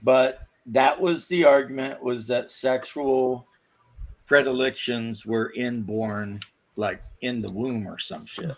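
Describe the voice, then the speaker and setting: A man's voice: medium pitch, steady tone, takes it slowly. A man in casual podcast chat, blunt and offhand, telling a story.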